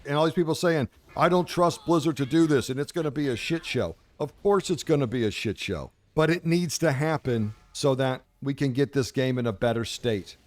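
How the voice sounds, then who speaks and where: A man's voice: mid-range voice, darkish tone. Swearing gamer dude hosting his channel, mock sermon vibes sometimes. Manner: brash, profane, mock-preachy. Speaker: host. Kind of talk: casual game commentary.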